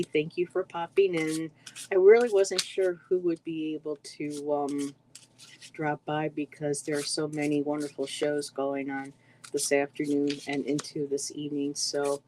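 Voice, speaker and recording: Slow easygoing card reader chatting on a live stream, says hi to everyone in chat, trips over words sometimes. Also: medium pitch, darkish tone, slight background noise, low-quality recording. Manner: chatty, greets viewers in chat by name, stumbles over words. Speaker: card reader hosting a livestream. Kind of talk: casual livestream chat with card pulls.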